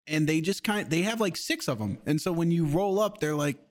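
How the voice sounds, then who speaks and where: A man in his thirties chatting casually as a podcast co-host, telling animated stories and acting out quotes. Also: fairly high pitch, brisk. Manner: animated storyteller, acts out quotes. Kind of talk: casual chat.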